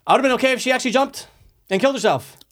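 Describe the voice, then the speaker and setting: A man's voice: extremely high pitch, animated, racing. A young man co-hosting a casual film review podcast, with a blunt, dry way of talking and frequent swearing. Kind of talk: casual chat.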